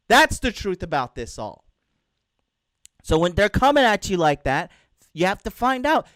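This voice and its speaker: In a blunt, profane rant aimed at male viewers, a man coaches them on dating, clipping off his own swear words and hammering every point with a repeated "all right?". His voice is high, very animated and a bit bright, with a measured pace and long pauses. The studio sound is clean with no echo.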